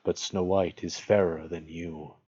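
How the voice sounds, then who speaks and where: A man voicing a magic looking glass that speaks in a low, measured, solemn way, read as a storybook. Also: flat delivery, dark tone, husky, no room sound, lo-fi sound.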